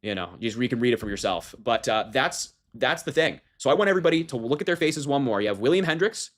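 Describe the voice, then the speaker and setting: A man with a mid-pitched voice talks fast as he reads quotes aloud. His commentary is indignant and sarcastic, and he hammers the worst lines for effect. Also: lively intonation, fairly bright tone. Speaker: political commentator. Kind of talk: reading and commenting on a news story.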